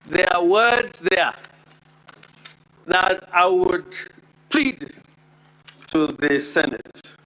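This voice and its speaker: A man making a formal legal argument before the Senate as counsel, deliberate and emphatic, repeating key words for weight. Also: fairly high pitch, vocal fry, bright, forceful tone, rough recording. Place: Senate chamber.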